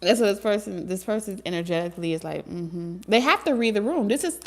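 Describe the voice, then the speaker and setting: A woman giving a casual tarot reading, talking in an animated, joking way with frequent laughs and casual swearing. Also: mid-range voice, brisk, faint music behind. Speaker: tarot reader.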